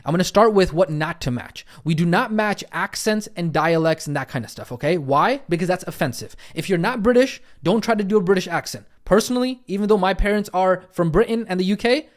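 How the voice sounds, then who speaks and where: A man's voice: high voice, expressive, brisk, few pauses. A man giving a recorded coaching lesson, explaining listening skills step by step and often checking in with the listener. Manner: repetitive teaching cadence, frequent "right?" and "okay?" check-ins. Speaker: coaching trainer.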